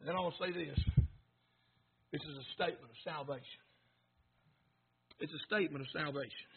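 A man preaching a sermon with fervent, rhythmic repetition, swinging between hushed lines and shouts. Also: on the high side, moderate pace, vocal fry, breathy edge, phone-quality sound. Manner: rhythmic repetition, asks congregation to repeat.

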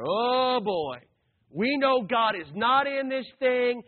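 A man preaching a sermon, animated, acting out the voices of the story he tells. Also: very high-pitched, slow. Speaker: pastor. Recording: tinny phone-like recording.

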